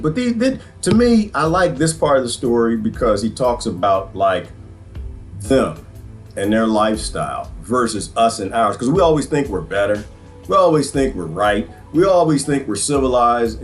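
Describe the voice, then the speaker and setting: A man hosting a podcast, commenting on played clips in an animated, preachy, folksy way. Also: mid-range voice, moderate pace, faint music behind. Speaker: podcast host.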